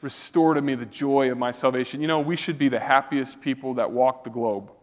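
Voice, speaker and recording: A man's voice: mid-range voice, steady tone, a little fast. A man preaching a sermon as a pastor, earnest and conversational, asking his listeners direct questions. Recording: long reverb of a hall.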